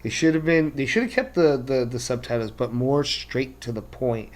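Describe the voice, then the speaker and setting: A man's voice: mid-range voice, normal speed. A man co-hosting a wrestling podcast, giving opinions in casual chat with lots of "like" fillers. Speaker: podcast co-host.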